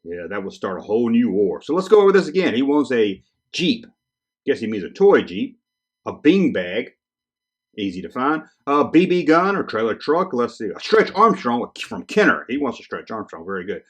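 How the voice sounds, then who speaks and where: A man's voice: mid-range voice, very animated, normal speed, breathy edge. A man hosting a podcast, reading children's letters aloud in a casual, joking way with teasing asides. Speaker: podcast host.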